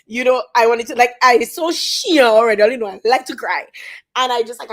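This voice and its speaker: Lady vlogging, emphatic and animated, kinda high voice. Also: a little fast. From Dominica. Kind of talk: casual review vlog.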